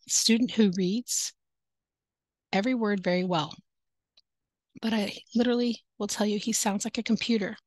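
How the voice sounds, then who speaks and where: Using a headset with headphones, a woman with a medium-pitched voice passes along casual tips to other online teachers. The recording has no room sound, and her manner is cheerful and talkative, with plenty of laughter.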